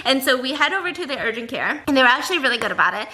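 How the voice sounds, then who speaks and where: A young woman hosting her channel, telling a story in a casual, animated and dramatic way and often breaking into laughter. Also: high-pitched, rapid-fire. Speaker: YouTuber host.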